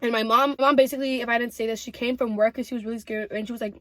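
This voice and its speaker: A young woman vlogging while she eats talks fast and animatedly through a story, leaning heavily on "like" and "literally." Her voice is slightly high and the audio has no echo.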